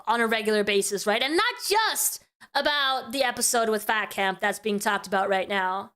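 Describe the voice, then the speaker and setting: A woman's voice: sits high, pushed and bright. A woman hosting a casual commentary show, talking things through in a chatty way and often tagging her points with a question. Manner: chatty, keeps asking "right?". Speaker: commentary host.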